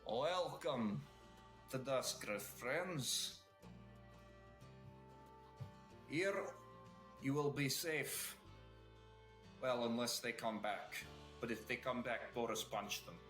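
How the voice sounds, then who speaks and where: A man voicing a big, lumbering trunked brute who talks bluntly in broken, gruff sentences. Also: medium pitch, slow, fairly bright tone, soft background music. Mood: gruff welcome.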